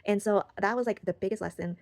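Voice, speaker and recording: A young woman talks through a personal story in a rambling, casual way, with lots of fillers and restarts. Her pitch sits in the middle and she moves along quickly. The sound is close and dry, with no room echo. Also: gravelly, a little mellow. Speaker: channel host.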